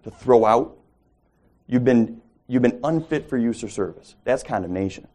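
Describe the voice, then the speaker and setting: A man's voice: medium pitch, lively intonation, moderate pace, warm tone. A man leading a casual Bible study, teaching conversationally, asking the group questions and correcting himself as he goes.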